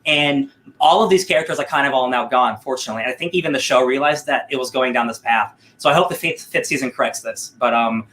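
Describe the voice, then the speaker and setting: A man's voice: medium pitch, fast, a bit bright, slight background noise. A man co-hosting a casual podcast, talking in a rambling, upbeat way with lots of fillers and restarts. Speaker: podcast co-host.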